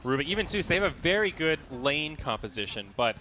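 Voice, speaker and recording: A man calling a live esports match as play-by-play commentator, animated and joking, rising in pitch at big plays. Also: a little fast. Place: broadcast studio. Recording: steady background noise.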